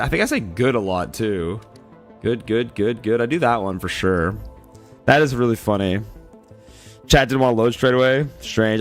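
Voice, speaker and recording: A man with a groggy, raspy morning voice talks loosely to his stream chat, padding his sentences with fillers as he greets people by name. His pitch sits in an ordinary middle range, and faint music plays quietly underneath. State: just woke up, yawning. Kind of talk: casual livestream chat.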